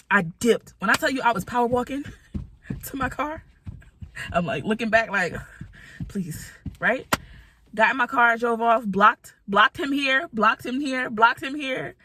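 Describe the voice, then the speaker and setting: A woman vlogger telling a dating story in a lively, chatty way. She acts out what everyone said. Her voice is bright and a little high, recorded dry and close. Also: no echo. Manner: animated, chatty, acts out quotes. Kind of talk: casual storytelling.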